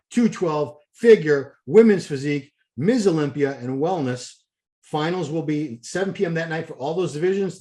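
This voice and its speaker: Chatty, jokey male host. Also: a little high. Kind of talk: casual show wrap-up.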